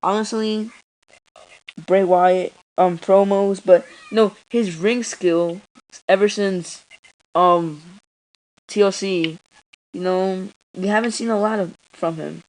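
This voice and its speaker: A woman's voice: medium pitch, fairly even intonation, takes it slowly, a little mellow, poor audio. A woman hosting a casual wrestling podcast, rambling and hesitant with lots of ums. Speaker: podcast host.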